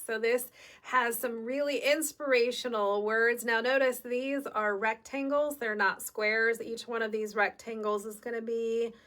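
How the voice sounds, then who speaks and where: A woman's voice: a little high, bright, forceful tone. A woman with a Midwestern American accent hosting a live shop sale, chatty and upbeat, explaining step by step. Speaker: quilt shop host.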